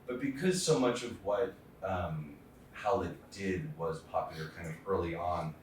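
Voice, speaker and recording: A man's voice: low-pitched, a little slow. A man giving a public talk on poetry in a loose, hesitant way, with many ums and restarts. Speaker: lecturer. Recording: far-off mic in a very echoey room with faint noise.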